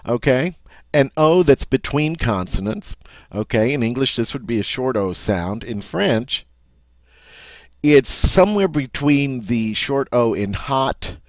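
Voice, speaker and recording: A man's voice: medium pitch, no room sound. A man teaching French pronunciation, patiently modeling each sound and checking in with "all right?" as he goes. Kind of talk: pronunciation lesson.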